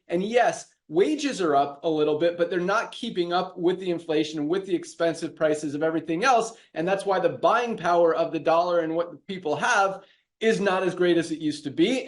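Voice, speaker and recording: A man in an upbeat, easygoing casual chat, rambling through points about the economy. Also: high-pitched.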